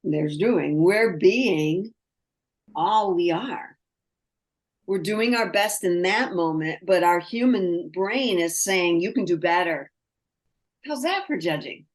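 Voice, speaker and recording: A woman hosting a spiritual podcast, talking with a client over a video call in a slow, searching way that trails off between phrases. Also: fairly low pitch, lively intonation. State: tearful, crying. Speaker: spirit messenger, podcast host. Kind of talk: spiritual conversation, channeling.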